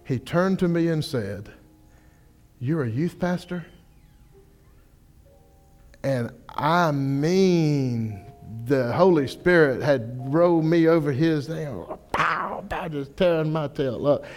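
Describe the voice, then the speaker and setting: A young pastor with a drawl preaches in a homespun, storytelling way, slipping into animated voices for the people he quotes. His voice sits a little high for a man, with faint music underneath. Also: takes it slowly. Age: young adult. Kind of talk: sermon.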